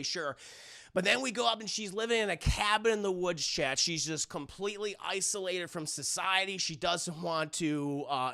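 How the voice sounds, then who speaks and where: A young man recapping a movie scene by scene to his live chat, excitable and profane, full of fillers. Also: high-pitched, vocal fry. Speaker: livestreaming film reviewer.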